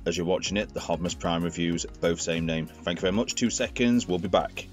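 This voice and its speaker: A man's voice: sits low, fairly quick, faint music behind. A man chatting through a casual toy unboxing review, rambling with jokey asides.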